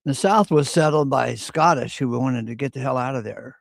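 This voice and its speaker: Gravelly man, opinionated. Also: mid-range voice, normal speed, no room sound, studio quality. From Virginia. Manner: opinionated storyteller, clears throat often. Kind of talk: casual chat.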